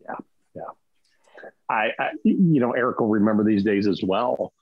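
A man's voice: on the low side, moderate pace, slightly rough, dry recording, muffled recording. A middle-aged man in casual chat, rambling with restarts and frequent "right?" asides. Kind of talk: casual chat about rifle optics.

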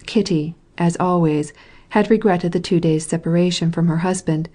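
A woman narrating a classic novel as an audiobook reader, in a measured, even storytelling manner. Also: lowish voice.

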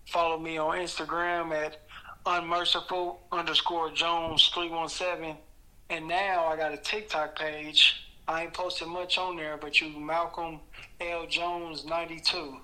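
Indianapolis male boxer, casual talker, bright tone, little pitch movement. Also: level tone, unhurried, poor audio. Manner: laid-back, repeats "you know what I'm saying". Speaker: professional boxer guest. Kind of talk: casual interview.

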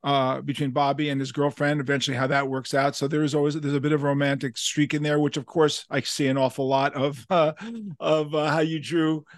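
A man's voice: a little high, level tone, fairly quick, dry recording. Dry-sounding man hosting an interview. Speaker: podcast host. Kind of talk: casual interview questions.

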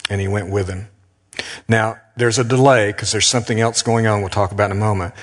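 Deep-voiced pastor preaching in a reverberant hall. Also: male voice, fairly even intonation. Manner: earnest, slow and emphatic with dramatic pauses. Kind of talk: sermon.

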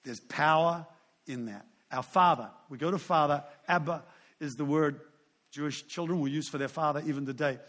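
An older man preaching a sermon in a relaxed, chatty manner, his voice sitting a touch higher than most men's. He wanders off into asides and pokes fun at himself. He keeps a friendly, unpolished tone. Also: normal speed. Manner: conversational, rambling with asides and self-deprecating humor. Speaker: pastor.

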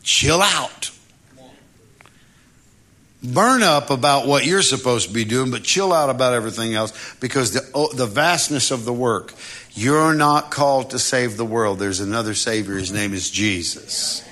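A man preaching a sermon in a lively, humorous way, often acting out voices. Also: medium pitch, a little slow. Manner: animated, humorous, acts out voices.

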